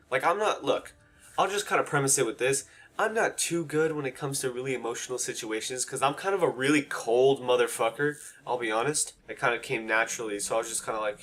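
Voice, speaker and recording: A man's voice: mid-range voice, a little fast, a bit bright. A young man telling a story to camera in casual, rambling talk, swearing often and acting out the quotes. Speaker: storytime vlogger.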